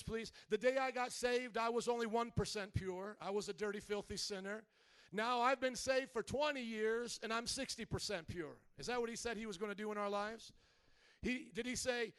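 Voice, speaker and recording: A man preaching an animated sermon, mimicking people and often rising to shouts. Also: very high voice, normal speed, smooth. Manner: animated preaching, mock voices, shouting at times. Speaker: pastor. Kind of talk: energetic sermon.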